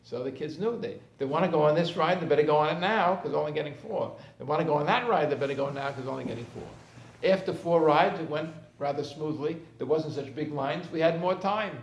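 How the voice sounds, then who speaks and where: A man's voice: on the high side, fairly quick. A man, a therapist, giving a conversational storytelling talk to a group. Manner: anecdotal, conversational, acts out scenes. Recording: roomy room with faint background noise.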